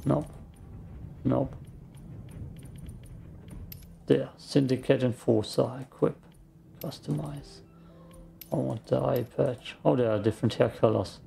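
A man giving calm, slow gameplay commentary, thinking out loud, with a gravelly morning voice. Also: medium pitch, a little hiss or hum. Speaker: game streamer.

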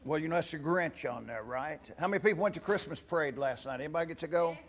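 Man, pastor, children's sermon, high voice, chatty, full of questions, storybook reading in church. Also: fast. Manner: chatty and playful with children, asks many questions. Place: church sanctuary.

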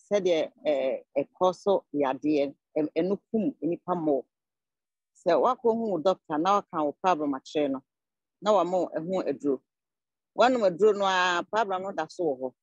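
A woman's voice: fairly low pitch, no echo, highs cut off. A woman caller politely thanking a doctor and then asking a question about medication.

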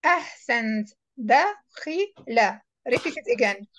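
A woman with a high, light voice guides a beginner through a reading lesson as a tutor. She is patient and repeats each word slowly and clearly so the learner can copy it. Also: highs cut off. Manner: patient, repeats words slowly to model pronunciation. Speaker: Arabic tutor.

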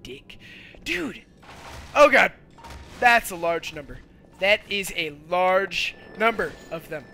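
A young man giving loud, goofy commentary while playing a video game, with sudden shouted outbursts. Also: sits high, expressive, takes it slowly, vocal fry, pauses often, faint music behind. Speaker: let's play gamer. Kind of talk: energetic gameplay commentary.

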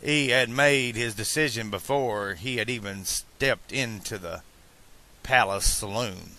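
A man narrating a fan-made audiobook in a measured storytelling manner. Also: lowish voice, sharp tone.

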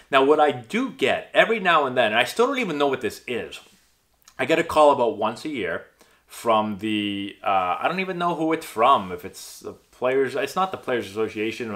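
A man's voice: mid-range voice, a bit bright. A man in his thirties, a former pro ballplayer and coach, talking casually to his viewers in a rambling way, with lots of fillers and restarts. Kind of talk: casual vlog talk to camera.

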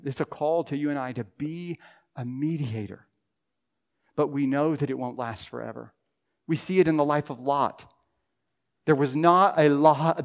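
A male pastor preaches with mounting intensity, voicing pleading prayers. His voice sits a little higher than most men's. He speaks from the pulpit of a church sanctuary. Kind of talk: sermon.

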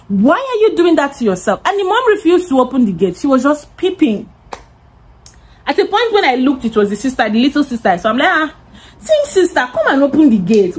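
A young woman telling a lively storytime vlog, acting out the voices of the people in it. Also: fairly high pitch, slightly rough, rough recording. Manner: animated, acts out quoted voices. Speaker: content creator.

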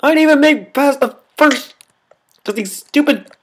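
A gameplay commentator who rages melodramatically at the game, groaning and yelling at every failure. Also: high voice, moderate pace. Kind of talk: raging let's-play commentary.

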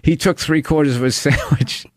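Man, guest comedian, animated storytelling, cursing, close dry studio mic. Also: fairly high pitch, moderate pace, no echo. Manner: animated, profane, laughing through anecdotes. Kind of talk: casual storytelling. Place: radio studio.

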